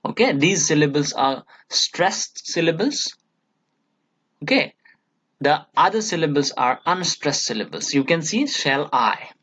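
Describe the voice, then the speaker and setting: Slow, patient Indian English lecturer. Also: male voice, on the high side, sing-song, fairly bright tone, breathy edge. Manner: slow, patient explaining, frequent "okay" checks. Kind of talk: recorded classroom lecture. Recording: dull lo-fi audio.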